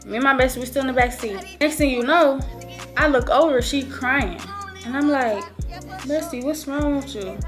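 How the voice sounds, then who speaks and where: A woman's voice: high voice, moderate pace, over music. A woman in her early twenties telling a story to camera in a casual vlog, slangy and profane. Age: early 20s. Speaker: vlogger.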